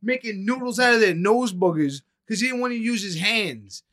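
A man's voice: sits high, normal speed. A man in casual, profane chat, ranting scornfully about a movie. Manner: animated, scornful ranting, heavy swearing.

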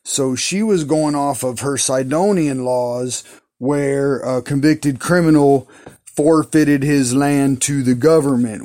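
A man's voice: fairly high pitch, a little mellow. A man casually retelling Bible stories in a rambling, folksy, slangy way. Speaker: Bible storyteller.

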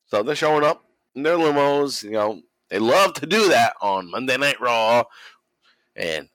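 A man hosts a casual chat, swearing freely and laughing as he tells his story. His voice sits at an ordinary middle pitch. The sound is dry, with no room echo. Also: big pitch swings, a little slow, a bit bright. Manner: mimics people he quotes. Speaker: podcast host. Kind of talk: casual chat recapping wrestling.

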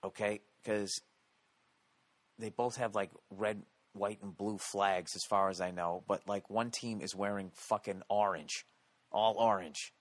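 An American man telling a comedic story and ranting, loud and animated, swearing constantly and tossing in rhetorical "okay?" asides. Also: on the low side, measured pace. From United States. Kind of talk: profane comedic storytelling rant.

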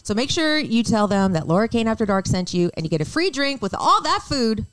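A middle-aged woman co-hosting a podcast, chatting casually, getting excited and laughing often. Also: a little high, fairly quick, no echo. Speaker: podcast co-host. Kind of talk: casual chat.

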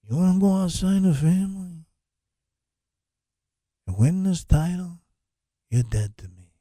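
A man putting on a gruff mob boss voice, scolding and dismissive. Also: sits high, lively intonation, measured pace, warm tone, no room sound, clean studio sound, voice pushed up. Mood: scornful.

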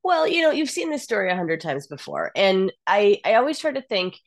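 A woman co-hosting a podcast, giving frank, animated opinions in casual chat. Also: medium pitch, brisk, no echo, studio quality. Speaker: podcast co-host.

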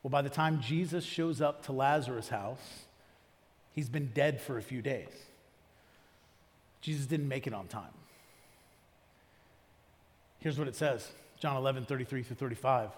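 A man's voice: medium pitch, a little slow, pauses often, big-room sound. A male pastor preaching a sermon in a conversational way, often asking the congregation questions. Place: church auditorium.

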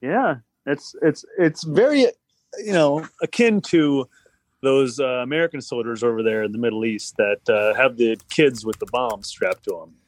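A man's voice: mid-range voice, normal speed, no echo. A man co-hosting a casual podcast, earnestly arguing his point.

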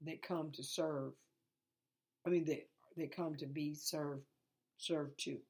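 Woman, lay preacher, sleepy and worn, gravelly husky low voice, loose repetitive delivery. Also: darkish tone. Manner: repetitive, conversational preaching with restarts. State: tired and sleepy. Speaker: preacher hosting an online Bible lesson. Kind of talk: informal sermon.

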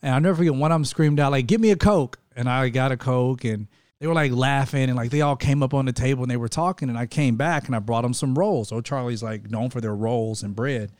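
Animated man telling stories. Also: medium pitch, fast, no room sound, clean studio sound. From Georgia, USA. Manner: animated, acts out quoted people. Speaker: guest. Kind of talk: casual faith-based storytelling.

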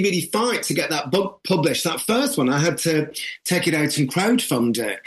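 A man with a northern English accent, an author talking animatedly and emphatically in an interview. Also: on the high side. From northern England. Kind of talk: interview conversation.

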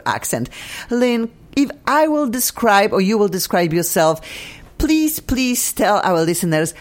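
An excitable woman hosts a radio talk show from a studio mic, her pitch leaping up and down as she talks. Her is slightly broken and her manner effusive, full of cheers and bursts of enthusiasm. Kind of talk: casual radio chat. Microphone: studio microphone.

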